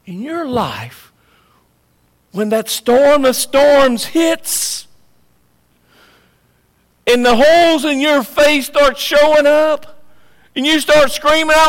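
A man preaching a sermon, swinging from hushed, slow lines to loud, emphatic ones. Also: very high-pitched, sing-song, in a large hall.

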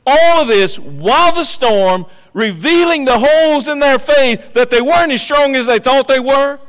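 High-voiced man preaching in a church hall. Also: smooth. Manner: dramatic swings from hushed to loud and high. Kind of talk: sermon.

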